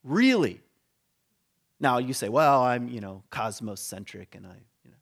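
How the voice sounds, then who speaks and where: A man's voice: medium pitch, a little slow, gravelly. A man giving a conversational sermon, telling a story with humor and briefly acting out the characters' lines. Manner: animated storytelling, acting out quoted voices with humor. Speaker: preacher.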